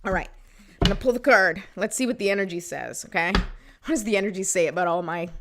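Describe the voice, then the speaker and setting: A woman's voice: mid-range voice, fast, heavy background noise. Woman, livestream host; earnest, emotional, on the edge of tears. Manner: earnest, emotional, greets viewers by name. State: close to tears. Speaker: spiritual live-stream host. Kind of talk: heartfelt livestream talk with card reading.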